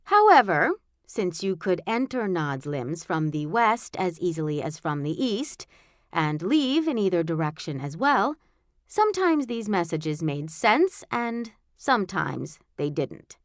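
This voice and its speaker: A woman narrating a children's audiobook in a wry, expressive storytelling manner. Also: lowish voice, a little slow, no echo, clean studio sound. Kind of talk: scripted narration.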